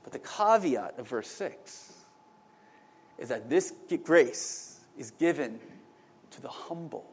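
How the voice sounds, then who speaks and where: A man's voice: medium pitch, very animated, slow, breathy edge. A middle-aged man preaching a sermon in a conversational way, with asides to the congregation and many restarts. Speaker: pastor.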